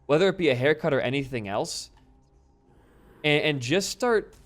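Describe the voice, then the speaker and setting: A man's voice: fairly high pitch, animated, normal speed. A young man telling a rambling story while playing a game, swearing freely and breaking off to react to the game. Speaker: gaming YouTuber.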